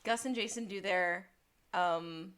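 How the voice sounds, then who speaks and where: A woman's voice: on the low side, takes it slowly, smooth. A woman co-hosting a podcast, recapping a TV episode in casual chat and livening it up with quoted lines. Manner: lively retelling, slipping into quoted voices. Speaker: podcast co-host.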